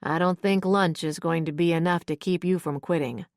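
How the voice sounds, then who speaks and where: A woman voicing a calm, reasonable male executive with a measured, wry way of talking. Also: on the low side, no echo, studio quality, lightly acted.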